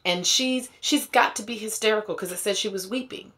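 Animated woman retelling scripture in slang. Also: mid-range voice, brisk. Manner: slangy, animated paraphrasing with frequent laughs; conversational asides and fillers. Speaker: Bible teacher. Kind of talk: casual Bible retelling.

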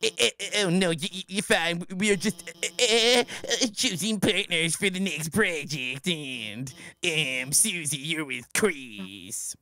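A man's voice: on the high side, unhurried, few pauses, sharp tone. A man voicing a nervous female lizard teacher who stammers and fumbles her words. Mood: flustered. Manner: stammering, flustered.

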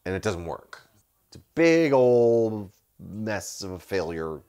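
A man with a very low, deep voice reviews a movie in casual conversation. He talks in an animated way, swears freely and laughs often. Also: takes it slowly. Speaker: co-host.

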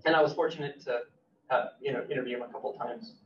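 A man, an author, speaking earnestly at a library talk, halting with fillers. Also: mid-range voice, background noise. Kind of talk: casual conversation at a library talk. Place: library event room. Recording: roomy, distant, muffled hall recording.

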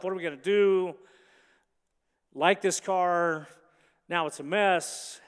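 Man preaching, fairly high voice, goes soft then really pushes it, big echoey church. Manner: builds from hushed reflection to emphatic preaching. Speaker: pastor. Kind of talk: sermon. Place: large church hall. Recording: long hall reverb.

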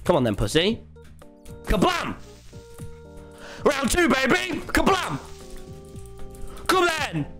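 A young man putting on a loud, boastful, cocky persona, shouting catchphrases in a raised voice. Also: extremely high pitch, wildly swooping pitch, slow, pauses often, soft background music, voice pushed up, heavily acted.

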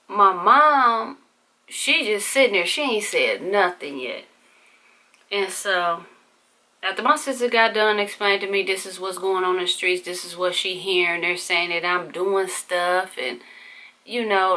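A woman's voice: mid-range voice, a little slow, bright, forceful tone. A woman vlogger telling a candid personal story in casual, profane, conversational speech.

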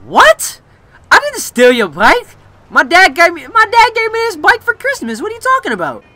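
A man's voice: very high voice, wildly swooping pitch, normal speed, sharp tone, no echo, voice pushed up, full character voice. A young man voicing a nervous young boy who pleads and backs down in a game skit. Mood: pleading. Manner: pleading, backing down.

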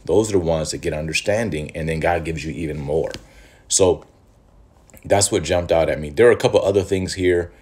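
A man with a very low, husky voice teaches from the Bible like a pastor. He talks in a lively, conversational way and keeps asking his listeners rhetorical questions. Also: fairly quick. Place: Michigan.

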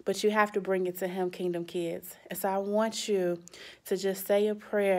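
A woman's voice: medium pitch, flat delivery, normal speed. Woman children's pastor giving a sermon. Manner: warm, direct address to kids, emphatic rises.

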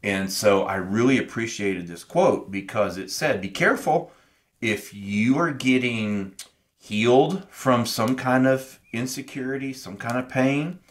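Unhurried and medium in pitch, a middle-aged man co-hosting a podcast tells a personal story with earnest reflection, acting out conversations he once had.

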